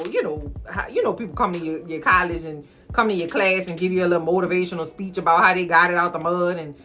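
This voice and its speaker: A young woman giving a casual, comedic movie recap with an animated, sassy, slangy way of telling the story. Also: mid-range voice. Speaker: film recap vlogger.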